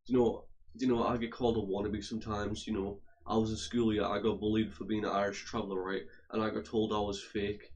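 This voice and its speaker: A young man from England with a low voice delivers a rambling, argumentative rant. His pitch barely moves, so it comes out flat and level. He keeps circling back and repeating himself. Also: quick pace, hardly any pauses. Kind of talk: casual rant to camera.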